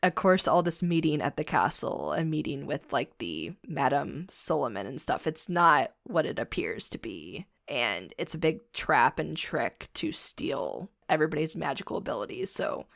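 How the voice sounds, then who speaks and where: A woman co-hosts a casual podcast and summarizes a film in a chatty way, often agreeing with "yeah." Her voice has a lot of vocal fry and a gravelly edge. The recording is close and dry. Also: low voice, sing-song, moderate pace, hardly any pauses, dry recording. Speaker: podcast co-host.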